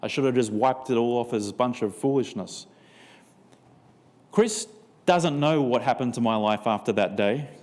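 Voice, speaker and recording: A man's voice: mid-range voice, moderate pace, a little mellow, big-room sound. A man preaching a seminar sermon, telling a story and acting out both sides of a conversation. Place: church.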